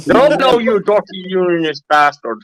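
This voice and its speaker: A man's voice: high-pitched, fairly bright tone, poor audio. An Irish man calling into a live stream panel, crude, taunting and boastful. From Ireland. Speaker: panel caller.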